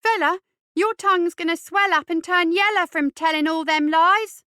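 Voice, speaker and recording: A woman's voice: extremely high pitch, moderate pace, pushed and bright, no room sound, clean studio sound, voice pushed up. A woman doing a sneering little urchin boy. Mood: contemptuous. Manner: mocking, contemptuous, drawling slang.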